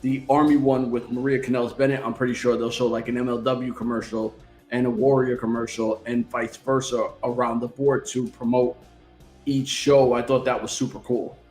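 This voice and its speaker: A man co-hosting a casual wrestling chat show, telling stories in an animated, excitable way with plenty of swearing. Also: mid-range voice, normal speed, echoey room, faint music behind. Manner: animated, profane, excitable storytelling. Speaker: co-host.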